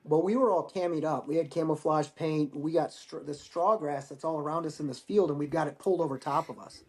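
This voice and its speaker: An American man in his forties tells stories from his service as a podcast guest. His voice sits a little high for a man, and he talks loosely, cursing freely and doubling back on his words. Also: fairly quick. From United States. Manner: relaxed, profane, repeats words when starting phrases. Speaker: guest, Marine veteran. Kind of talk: casual storytelling.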